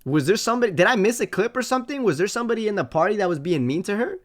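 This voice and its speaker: A man live-streaming, reading chat comments aloud and reacting in a loose, animated way with plenty of swearing. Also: sits high, very fast.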